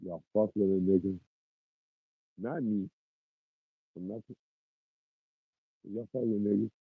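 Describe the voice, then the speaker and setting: A man's voice: lowish voice, steady tone, slow, husky, no echo, narrow, tinny audio. A man hosting a podcast in casual, profane talk, looping back over his words and restarting phrases as he goes. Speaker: podcast host.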